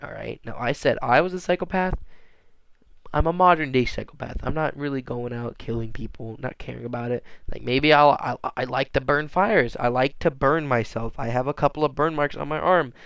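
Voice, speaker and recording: A man's voice: medium pitch, gravelly, fairly bright tone, clear, resonant tone, dry recording. A man rambling through a casual monologue, often restarting and tagging on "all right?". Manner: halting, frequent restarts and fillers.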